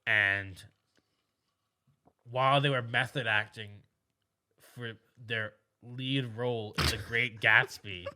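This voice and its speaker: A man co-hosting a comedy podcast with a very bright, sharp-edged voice at an average pitch. He rambles, stammers and restarts as he spins out absurd hypotheticals in loose banter. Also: fairly even intonation, slow, long pauses, clean tone. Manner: rambling, stammers and repeats while building absurd scenarios. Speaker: podcast co-host. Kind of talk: casual comedic chat.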